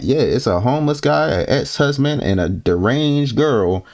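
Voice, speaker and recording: A man commenting on clips in loose, unscripted talk, blunt and profane. His pitch sits in the ordinary middle for a man, and he jumps between low grumbles and sudden high outbursts as he restarts his sentences. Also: moderate pace. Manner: blunt, swearing, animated, rambling restarts. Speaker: reaction video host. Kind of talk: casual reaction commentary.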